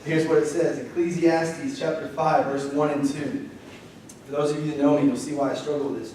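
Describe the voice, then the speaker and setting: A man's voice: a little high, fairly quick, a little hiss or hum. Casual preacher man in an echoey church. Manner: casual storytelling, animated quoting of others. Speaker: pastor. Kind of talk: sermon. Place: church sanctuary. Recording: echoey hall from far off.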